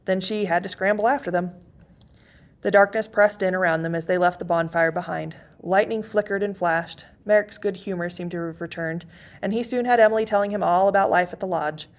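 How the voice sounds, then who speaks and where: Low, gravelly woman reading a story. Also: fairly quick. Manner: steady reading aloud of a novel chapter. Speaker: reader. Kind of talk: storybook narration.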